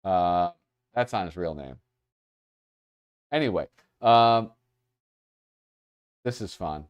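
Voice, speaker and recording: A man's voice: deep voice, animated, takes it slowly, smooth. A man hosting a livestream, chatting casually as he flips through art. He gets distracted easily and reads out chat comments. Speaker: livestream host.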